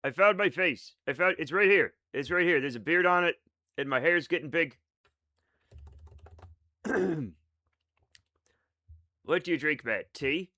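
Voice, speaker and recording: A man with a fairly high, bright voice, chatting to his stream in a rambling, excitable and self-mocking way. His pitch swings widely, and the sound is dry and close. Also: measured pace, long pauses, dry recording. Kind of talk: casual live-stream chat with viewers.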